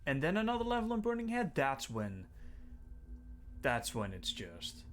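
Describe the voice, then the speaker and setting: A man streaming a strategy game, thinking aloud in casual, excitable commentary and swearing freely. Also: a little high, moderate pace. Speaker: gaming streamer. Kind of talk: casual let's-play commentary.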